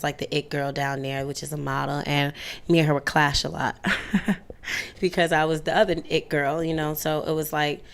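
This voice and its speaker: A woman's voice: sits low, vocal fry, fairly bright tone. A young woman as an interview guest, chatting candidly and telling stories, sometimes slipping into playful voices. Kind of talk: casual interview chat.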